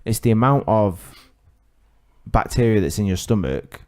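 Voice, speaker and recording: A man's voice: lowish voice, expressive, unhurried, darkish tone. A man co-hosting a podcast, reacting to a story with quips and questions in casual chat. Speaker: podcast co-host.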